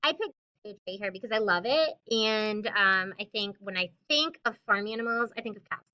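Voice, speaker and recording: A woman teacher reading a picture book aloud to children with expressive storybook delivery, then talking through the lesson. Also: mid-range voice, fairly quick, clean tone, lo-fi sound.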